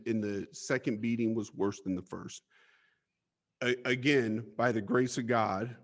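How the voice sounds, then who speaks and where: A man as an interview guest, telling his life story bluntly, with swearing and stammered restarts. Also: medium pitch.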